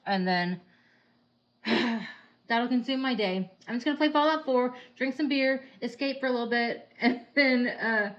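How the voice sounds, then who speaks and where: A woman's voice: fairly high pitch, unhurried. A woman in her thirties or forties at home on her couch, talking candidly to the camera in a rambling, sighing, venting way. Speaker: vlogger. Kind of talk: candid personal vlog. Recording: roomy, dull lo-fi home recording.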